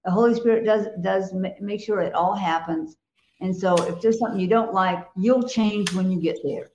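A woman co-hosts a casual faith talk show and speaks with firm, emphatic assurance. Her voice sits at a middle pitch. The recording sounds dull and echoey, as if made in a reverberant room. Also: moderate pace, darkish tone, a little hiss or hum. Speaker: co-host.

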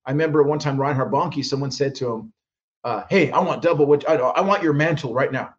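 A man speeds through his stories in an interview, jumping into the voices of the people he quotes and restarting his sentences as he goes. His voice sits a touch high for a man, and the recording sounds dull and muffled. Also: a little fast. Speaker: guest minister. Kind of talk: animated storytelling interview.

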